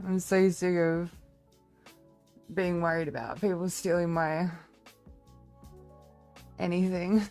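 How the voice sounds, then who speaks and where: Low-voiced chatty woman streamer. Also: measured pace, pauses often, a little mellow, faint music behind. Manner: rambling, chatty, many fillers. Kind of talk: casual live-stream chat with viewers.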